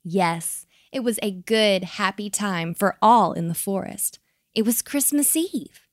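A woman narrating a children's bedtime story, gentle and expressive. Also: medium pitch, takes it slowly, no echo, clean studio sound.

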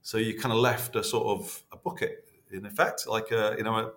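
A man, chatting warmly and rambling as a podcast guest, full of restarts. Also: lowish voice, fairly even intonation, fairly quick. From North West England. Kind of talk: casual interview reminiscing.

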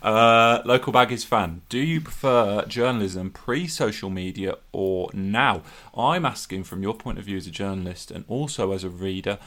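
Male podcast host, deep voice. Friendly, upbeat, reads listener questions. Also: normal speed, hardly any pauses, fairly bright tone. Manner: friendly, upbeat, says "mate". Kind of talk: casual podcast chat.

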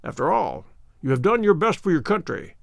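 A man voicing a calm, witty male detective who speaks with dry, courteous irony, in an audiobook reading. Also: sits high, a little fast, creaky, dry recording, exaggerated voice. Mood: wry.

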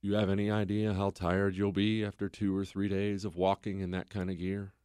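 A man's voice: sits low, little pitch movement, brisk, warm tone, clear, resonant tone, dry recording. Casual storytelling man, dry voice. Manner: conversational, rhetorical questions. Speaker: podcast host.

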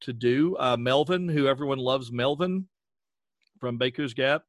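Appalachian man, storyteller, lively delivery, dry close mic. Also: mid-range voice, measured pace, no room sound. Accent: Southern Appalachian. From western North Carolina. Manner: animated storyteller who acts out voices. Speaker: voice actor and podcast guest. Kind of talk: casual chat.

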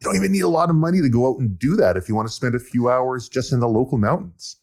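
A man from Canada, co-hosting a podcast and explaining his views in a measured, casual way. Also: medium pitch, animated, darkish tone. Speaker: podcast co-host. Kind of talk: casual conversation.

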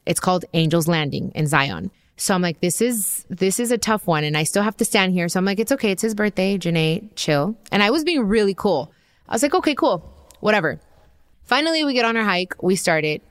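Chatty woman with a low voice. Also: dry recording, studio quality. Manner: chatty, animated, full of "like" and quoted asides. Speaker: podcast host. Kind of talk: casual storytelling.

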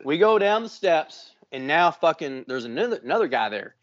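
A man with a slightly high voice tells a long story in casual podcast chat, cursing freely and acting out what everyone said. The sound is dry and a little dull, like a close room mic with limited fidelity. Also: moderate pace, dry recording. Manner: profane, animated, acts out quotes. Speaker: podcast co-host.

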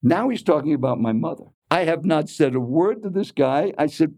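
Animated older male keynote speaker. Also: a little high, moderate pace, gravelly, no room sound, studio quality. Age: 80s. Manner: animated, speaks straight to the listener. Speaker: keynote speaker and speech coach. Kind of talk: storytelling keynote talk.

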